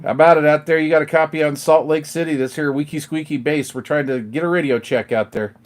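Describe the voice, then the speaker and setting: A man's voice: fairly high pitch, steady tone, quick pace. Chatty man calling out on CB radio. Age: middle-aged. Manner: chatty, slangy, uses CB call lingo. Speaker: CB radio hobbyist and live streamer. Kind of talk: casual live-stream chat over CB radio. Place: home, at a kitchen table.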